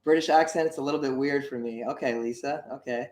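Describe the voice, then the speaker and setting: A man's voice: mid-range voice, steady tone, fast talker, darkish tone. A man co-hosting a casual livestream, upbeat and rambling as he greets viewers and reads the chat. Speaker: livestream co-host. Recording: echoey room.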